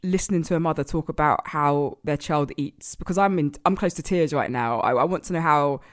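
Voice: medium pitch, a little fast. A podcast co-host in casual chat, asking curious follow-up questions.

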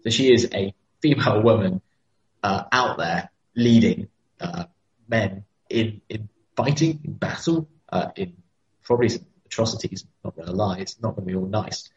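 Low-voiced man in an echoey room. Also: moderate pace. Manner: storytelling, with frequent fillers and restarts. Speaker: podcast co-host. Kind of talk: casual history chat. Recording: echoey, dull-sounding room.

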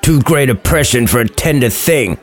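A man's voice: medium pitch, expressive, normal speed, faint music behind, pitched above the performer's own voice, close to an everyday voice. A man voicing a teasing young male friend in a comic storybook retelling, mocking and playful.

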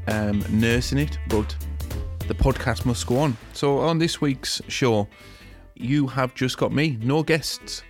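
Croaky-voiced male podcast host. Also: lowish voice. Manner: casual, rambling, frank. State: croaky voice from illness. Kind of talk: solo podcast monologue.

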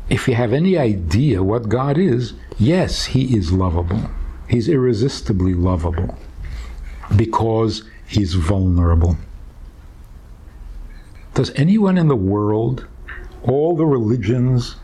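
Animated rabbi teaching with stories. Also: male voice, lowish voice, slow, pauses often, husky. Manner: animated, conversational, wry. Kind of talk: teaching talk with storytelling.

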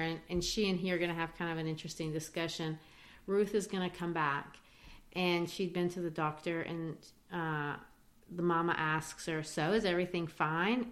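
A woman from Brazil talks through a play's scenes in an animated, conversational way, quoting lines as she goes. Her voice sits somewhat low. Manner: animated storytelling, quoting characters. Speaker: guest discussing a play. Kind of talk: conversational literature discussion.

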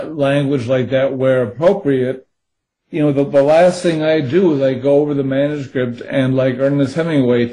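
A man's voice: mid-range voice, mellow, a little hiss or hum, low-quality recording. A novelist talking about his craft in an interview, thoughtful and hesitant, with many fillers and restarts. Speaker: novelist and co-author. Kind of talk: interview conversation.

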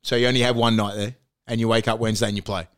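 A man's voice: fairly low pitch, racing, clear, resonant tone. A man with an Australian accent, a podcast host, telling a story over casual chat in a studio, swearing and laughing as he goes. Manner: laughing, profane, animated storyteller. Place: recording studio.

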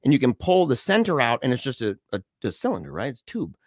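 A man chatting casually on a podcast, telling a story in an animated, slangy way, often laughing and calling his friend dude. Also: medium pitch, quick pace, no echo, studio quality.

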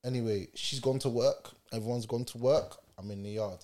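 A man chatting casually and spinning stories full of street slang. His voice sits at an ordinary middle pitch, and he acts out each moment as he goes. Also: steady tone, brisk, a little mellow. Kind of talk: casual chat, storytelling.

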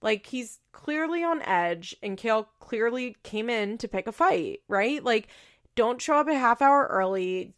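A woman's voice: mid-range voice, a bit bright. A woman recapping a show in a casual, opinionated and sarcastic way, full of fillers. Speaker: podcast host recapping a reality show. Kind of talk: casual chat.

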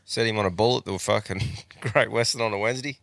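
A man's voice: on the low side, fast, gravelly, fairly bright tone, no echo, studio quality. An Australian man hosting a podcast, swearing and laughing through casual banter. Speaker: podcast host. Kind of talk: casual chat.

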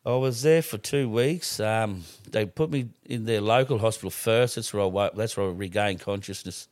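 A man's voice: fairly low pitch, normal speed, a little mellow, dry recording, clean studio sound. A middle-aged Australian man telling stories on a podcast as a guest, swearing freely and rambling with restarts. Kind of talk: casual storytelling.

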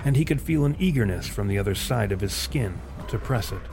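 Low-voiced male storyteller. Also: lively intonation, gravelly. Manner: measured and literary. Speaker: narrator. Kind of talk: scripted fiction narration.

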